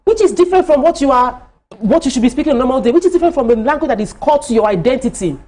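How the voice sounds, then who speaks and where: A woman's voice: high voice, expressive, rapid-fire, darkish tone. A Nigerian woman panelist on a TV talk show, arguing with passion and often restarting her phrases. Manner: impassioned, emphatic, restarts phrases. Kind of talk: studio discussion.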